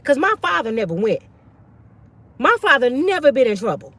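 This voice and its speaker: A woman with a high, swooping voice tells stories in an animated rant, switching between sermon-style preaching and sassy asides. Her delivery is emphatic and full of energy. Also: moderate pace, no room sound. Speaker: host.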